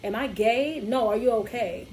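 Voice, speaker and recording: A woman, co-hosting a podcast, telling a story in casual chat and acting out both sides of it, animated and profane. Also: on the high side, normal speed, poor audio. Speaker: podcast co-host.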